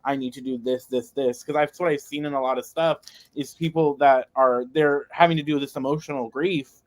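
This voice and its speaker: A man's voice: mid-range voice, fairly even intonation, moderate pace. A man co-hosting a casual chat, laid-back and profane, turning earnest when he gives advice.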